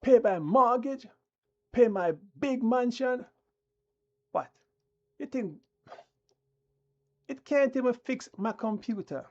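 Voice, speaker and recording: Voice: medium pitch, lively intonation, slow pace, long pauses, highs cut off. A channel host delivering a combative, preachy live-stream rant that talks down to the viewers.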